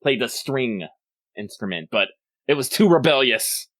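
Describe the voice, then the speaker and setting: A man co-hosting a casual gaming chat, relaxed, laughing often and trailing off mid-thought. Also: mid-range voice, unhurried, dry recording. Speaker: podcast co-host.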